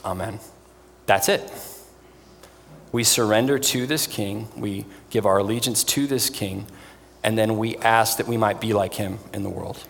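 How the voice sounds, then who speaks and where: A man preaching a sermon in an earnest, emphatic way, pausing for weight. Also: lowish voice, fairly even intonation, vocal fry, in a large hall, slight background noise. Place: church.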